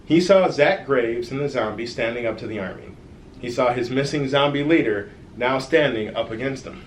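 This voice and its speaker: Male storyteller, kids' read-aloud, lively with direct asides; echoey room, faint hiss. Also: mid-range voice, moderate pace. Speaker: author reading his own book. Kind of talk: reading a children's story aloud.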